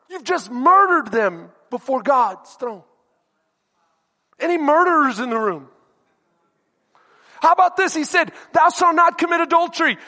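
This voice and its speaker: High-voiced pastor preaching in a reverberant church. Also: male voice, pushed and bright. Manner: emphatic preaching with questions to the congregation. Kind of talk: sermon.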